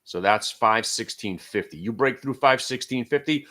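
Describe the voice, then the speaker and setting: Hosting a day trading stream, a middle-aged man offers live commentary full of brash jokes. He speaks at a moderate pace with a medium pitch, growing louder and softer as excitement takes hold.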